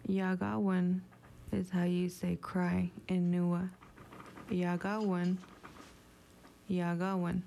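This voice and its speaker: Woman, gravelly and flat, slow word-by-word teaching voice. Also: on the low side, a little hiss or hum. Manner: slow, repeating each word. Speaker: language teacher. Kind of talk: word pronunciation lesson.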